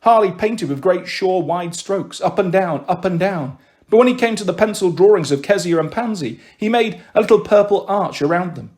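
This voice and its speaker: A man reading a children's novel aloud in steady, clear storytelling narration. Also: high-pitched, moderate pace. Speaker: audiobook reader.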